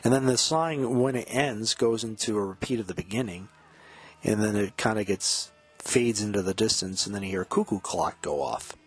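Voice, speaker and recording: Host, male, husky and low-voiced; casual rock commentary, breaks into sung lyric snippets. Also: moderate pace. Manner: quotes and hums lyrics while explaining, excitable. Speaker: podcast host.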